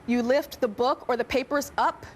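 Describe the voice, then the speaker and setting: A woman's voice: sits high, steady tone, moderate pace. A woman in her thirties hosting a talk show, playful and joking, laughing often. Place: TV studio with live audience. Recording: studio audience and noise behind.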